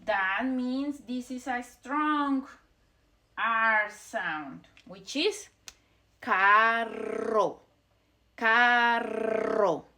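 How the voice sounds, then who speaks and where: A woman teaching Spanish pronunciation, repeating each sound slowly as she demonstrates it. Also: fairly high pitch, animated, pushed and bright. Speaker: language teacher. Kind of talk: pronunciation lesson.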